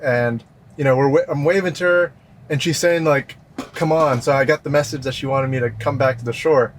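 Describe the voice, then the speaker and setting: A man co-hosting a podcast recorded inside a car, telling a story about himself in a relaxed, self-deprecating way. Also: mid-range voice, fairly quick, a little hiss or hum. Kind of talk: casual chat.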